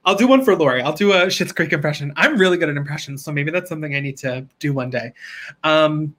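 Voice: medium pitch, fast, a bit bright. A reselling livestream host chatting casually with viewers, bubbly and laughing often, pleading playfully for likes.

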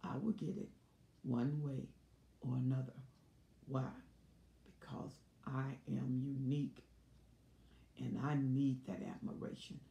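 A woman's voice: very deep voice, steady tone, slow pace, creaky, pauses often, dark tone, echoey room, muffled recording, full character voice. A woman voicing a boastful, self-centered narcissist in a grandiose, commanding way.

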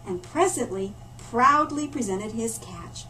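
Library lady reading a storybook to kids, high swoopy voice, kinda far from the mic. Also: unhurried, hardly any pauses. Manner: animated, with asides to the listeners. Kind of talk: reading a picture book aloud to children. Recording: distant mic with faint room noise.

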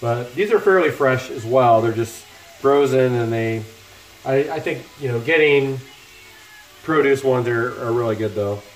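A man's voice: mid-range voice, measured pace. A middle-aged man hosting a casual cooking livestream from his home kitchen, chatting and joking with viewers while he cooks. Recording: echoey kitchen with music playing. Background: music from laptop speakers, frying food.

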